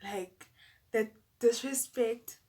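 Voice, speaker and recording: A young South African woman telling a personal story to camera in a casual, animated, exasperated way. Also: fairly high pitch, drawn-out words. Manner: animated, exasperated, lots of fillers and asides to viewers.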